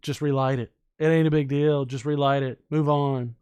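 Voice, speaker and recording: Man, podcast host, casual chat, folksy and relaxed, mid-pitched voice, dry close sound. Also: moderate pace, smooth, no room sound. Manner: relaxed, folksy, lots of "you know". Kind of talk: casual chat about pipe smoking.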